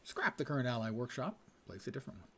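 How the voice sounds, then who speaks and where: A man's voice: mid-range voice, big pitch swings, fast, breathy edge. A man in his seventies streaming a game, making dry, sarcastic asides and reading menus aloud. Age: 70s. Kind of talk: casual gameplay commentary.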